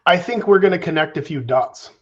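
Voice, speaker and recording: A man's voice: on the high side, expressive, fairly quick, a bit bright, highs cut off. A man being interviewed as a game designer in a casual live chat, rambling with restarts and casual swearing over a video call.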